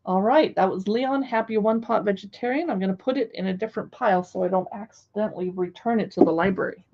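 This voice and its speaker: A young woman with a medium-pitched voice hosts a casual live stream from home, talking fast as she reviews cookbooks, chatting with viewers and reading recipe titles aloud. The audio is dull.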